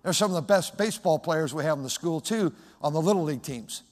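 A man preaching a sermon as pastor, swinging from loud, shouted emphasis to soft, hushed speech. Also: a little high, animated, quick pace. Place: large church sanctuary. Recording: long hall reverb.

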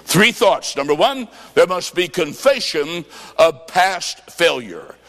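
A man preaching a revival sermon speaks slowly in a high voice with big swings in pitch, erupting into shouts and then dropping to low, quiet tones. The long reverb of a church sanctuary rings around his voice.

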